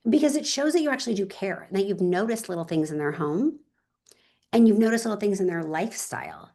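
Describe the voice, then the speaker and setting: A woman's voice: mid-range voice, sing-song, brisk, warm tone. A woman real estate agent talking in an interview, telling stories with energy and emphasis and speaking straight to her listeners.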